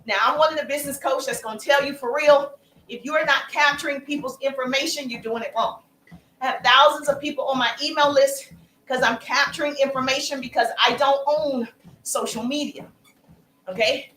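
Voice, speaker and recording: Upbeat woman business coach, high-pitched, live-stream energy, roomy sound. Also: fairly quick, a little hiss or hum. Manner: energetic, calls out viewers by name.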